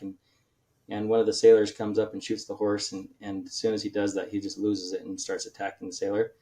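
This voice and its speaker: A man with a fairly low voice talks as a podcast guest, retelling a story at length. He stumbles and restarts his sentences often, filling the gaps with ums and uhs. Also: completely flat delivery, fairly quick, mellow. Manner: rambling retelling with many restarts and fillers. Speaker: author guest. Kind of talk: casual podcast interview.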